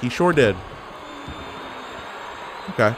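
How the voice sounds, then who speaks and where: A man's voice: mid-range voice, animated, takes it slowly, noisy background. A man giving casual gameplay commentary, exclaiming and throwing out playful trash talk. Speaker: gaming YouTuber.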